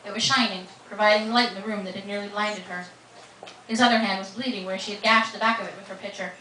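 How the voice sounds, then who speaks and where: A woman's voice: medium pitch, steady tone, fast, pushed and bright, a little hiss or hum. A woman reading her own novel aloud at a live bookstore event, narrating expressively and with animation. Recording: roomy, distant live reading.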